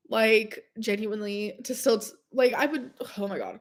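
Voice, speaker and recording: A young woman talks to her viewers on a live stream, her voice edged with a gravelly fry. She rambles loosely, full of "like" and "um". She sounds run down and under the weather. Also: mid-range voice, fairly even intonation, moderate pace, hardly any pauses. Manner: rambling, filler-heavy, chatty. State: sick with a cold-like illness. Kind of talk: casual live stream chat.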